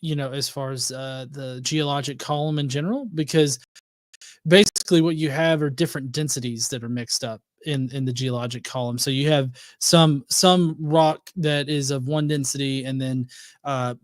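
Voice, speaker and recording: A man, talking casually as a guest, halting and often restarting. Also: medium pitch, steady tone, no room sound. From Alabama, US. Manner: halting, many fillers and restarts. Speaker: debate guest. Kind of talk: casual chat.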